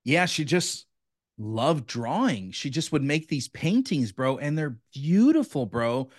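A man in his thirties, a guest on a podcast and a coach, talking in an energetic, enthusiastic way and saying "bro" often. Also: on the high side, measured pace, dry recording, studio quality. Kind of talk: casual chat.

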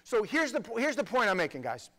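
Fast-talking New man telling stories. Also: high voice. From New York. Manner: animated storytelling with stammered restarts. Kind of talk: casual monologue to camera.

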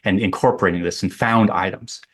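A man's voice: low voice, steady tone, a little fast, breathy edge. A middle-aged man, an artist guest, telling a personal story in a rambling, conversational way with many restarts.

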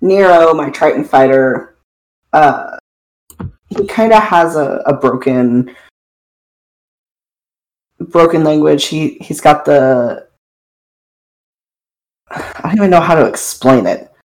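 A man's voice: fairly high pitch, slow, pauses often, poor audio. A man on a tabletop podcast, talking hesitantly about his player characters. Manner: hesitant, unsure. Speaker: podcast co-host. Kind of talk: casual chat.

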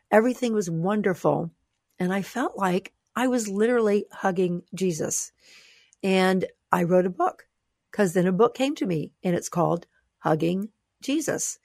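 A woman author talking as a guest in an interview, animated and expressive, sometimes playful. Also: medium pitch, dry recording, clean studio sound. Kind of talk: conversational interview.

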